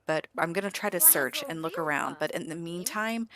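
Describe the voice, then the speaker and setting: A woman's voice: lowish voice, expressive, fairly quick, crowd noise, lightly acted. A woman voicing a grieving young woman who speaks earnestly and firmly in a life-sim game. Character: young woman, grieving, firm protective daughter. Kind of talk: game character voice-over.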